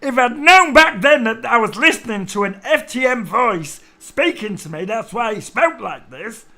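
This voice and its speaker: A man doing a mocking impression of a male politician in a high, mincing put-on voice. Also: lively intonation, normal speed, sharp tone, full character voice.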